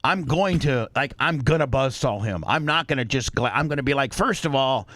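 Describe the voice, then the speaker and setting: A man's voice: mid-range voice, a little fast, a bit bright, no echo. A man hosting a radio talk show, telling a story bluntly and with animation, swearing as he goes. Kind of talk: casual talk-show chat.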